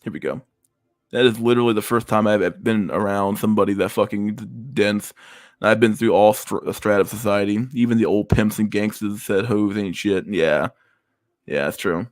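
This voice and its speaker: A man's voice: fairly low pitch, fairly even intonation, moderate pace, no room sound. A man hosting a casual livestream, reacting to memes with crude slang-heavy banter. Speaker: livestream host.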